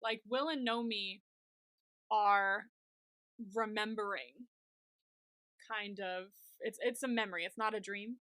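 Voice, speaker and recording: A woman's voice: medium pitch, takes it slowly, long pauses, a bit bright, clear, resonant tone, no room sound. A young woman co-hosting a podcast, animatedly retelling a TV episode in casual chat, full of "like" and fillers. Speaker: podcast co-host.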